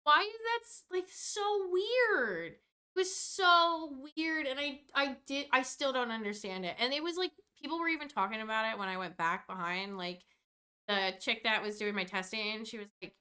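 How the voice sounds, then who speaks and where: High, bright young woman ranting. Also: animated, moderate pace. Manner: exasperated, rambling, swears freely. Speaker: vlogger. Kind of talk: storytime rant.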